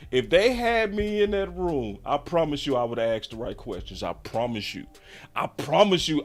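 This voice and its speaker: Animated man hosting a sports show. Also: on the high side. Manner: excitable, repeats phrases, mocking exclamations. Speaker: sports channel host. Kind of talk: animated live-stream commentary.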